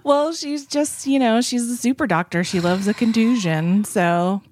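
A woman's voice: fairly high pitch, measured pace, darkish tone, a little hiss or hum. A woman in her forties in casual conversation, telling a story with lots of "like" fillers and acted-out quotes. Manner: chatty, many "like" fillers, acts out quoted speech.

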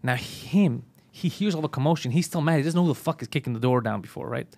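A man's voice: fast, gravelly. A man co-hosting a podcast, telling a story in casual chat, swearing and acting out the people he quotes. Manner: excitable, profane, acts out quotes with rising pitch. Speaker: podcast co-host.

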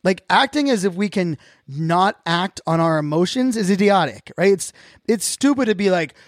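A man with a notably high voice delivers a casual podcast monologue. He speaks earnestly and reflectively, often restarting his sentences as he thinks aloud. The sound is dry and close, with no room echo. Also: lively intonation, moderate pace. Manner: earnest, openly reflective, talks in loose restarts. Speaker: podcast host.

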